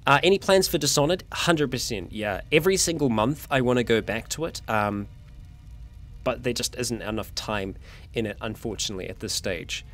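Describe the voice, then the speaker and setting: A man's voice: mid-range voice, moderate pace, fairly bright tone. A young man, chatting casually on a livestream and answering viewer questions, a little tired. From New Zealand. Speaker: streamer.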